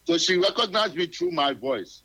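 A man's voice: on the high side, sing-song, moderate pace, bright, forceful tone, slightly rough. A man calling into a radio show, cheerful and rambling with many fillers. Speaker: caller. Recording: phone call on radio.

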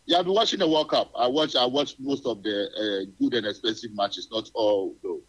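A man's voice: medium pitch, a bit bright. Caller guy on the radio phone line, cheerful, rambles, lots of uhs. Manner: rambling, cheerful, halting with fillers.

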